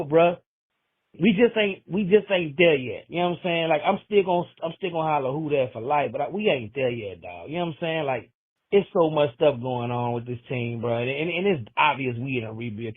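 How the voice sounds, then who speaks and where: This caller's voice is on the high side and slightly rough, coming through a tinny phone line. He leaves a rambling, casual voicemail, cracking jokes and using plenty of slang.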